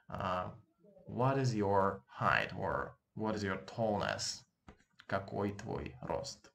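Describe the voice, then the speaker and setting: A man's voice: low-pitched, creaky, a bit bright. A man with a Russian accent, a native Russian speaker, teaching a casual online language lesson and patiently repeating words for practice. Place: room with open window, street noise behind.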